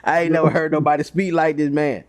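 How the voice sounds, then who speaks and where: A man voicing a shaken, awestruck male temple officer who speaks in a hushed, amazed way. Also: on the high side, little pitch movement, fast talker, close to an everyday voice. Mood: awed.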